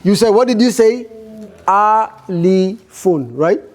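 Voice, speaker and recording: A man teaching a beginners' class, talking slowly and firing repeated questions at his students. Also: high voice, darkish tone. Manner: slow, repetitive, questioning students. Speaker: Arabic teacher.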